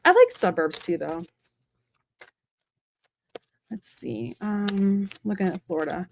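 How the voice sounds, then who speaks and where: Fast, chatty woman reading tarot live. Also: on the low side, creaky, a little mellow, a little hiss or hum. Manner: fast, rambling and chatty, many fillers. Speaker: psychic medium and tarot reader. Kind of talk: live-stream tarot reading, casual chat to viewers. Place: at home.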